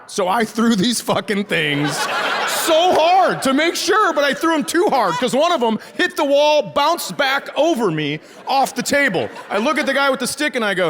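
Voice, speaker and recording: A man doing stand-up comedy, telling stories in an animated way and acting out the people in them, from northern Minnesota. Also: very high voice, moderate pace. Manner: animated storytelling, acting out other people's voices. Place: theater stage before a laughing crowd. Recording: live stage mic with audience noise.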